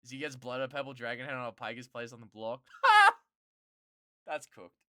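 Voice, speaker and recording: A streamer chatting casually with viewers, rambling and swearing, quickly getting worked up and loud. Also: medium pitch, level tone, no room sound, studio quality. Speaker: streamer answering chat.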